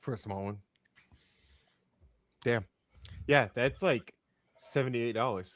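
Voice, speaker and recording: A man's voice: medium pitch, slow pace, a bit bright, no room sound, clean studio sound. A man hosting a casual gaming podcast, chatty and upbeat, calling on viewers to comment, with a slight cough. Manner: chatty, laughs often, hypes the audience. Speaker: podcast host.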